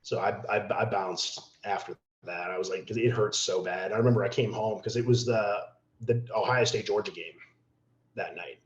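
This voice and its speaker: A man's voice: lowish voice, moderate pace. A man telling a story as a podcast guest, casual and profane, acting out the voices of people in his story. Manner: animated, profane, acts out quotes. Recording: roomy, slightly dull podcast audio.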